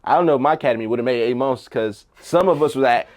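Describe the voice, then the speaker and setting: A man's voice: medium pitch, a little mellow. Jokey middle-aged fireman. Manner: jokey, quick reactions, laughs a lot. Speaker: firefighter. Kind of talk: casual podcast conversation.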